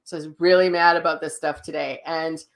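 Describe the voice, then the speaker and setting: A woman's voice: sits low, steady tone, fairly quick, creaky. A middle-aged woman hosting a casual live chat, blunt and self-mocking, with frank language as she reads viewer comments. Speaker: psychic medium hosting a daily live session.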